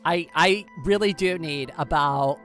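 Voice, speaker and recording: Excitable giggly woman streamer. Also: sits low, measured pace, faint music behind. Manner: excitable, giggly, says "like" a lot. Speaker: live streamer. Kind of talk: casual live-stream chat.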